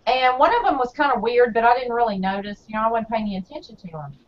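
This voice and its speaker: A woman in casual chat, a blunt, animated storyteller who acts out her arguments. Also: on the high side, fast talker. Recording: dull lo-fi audio.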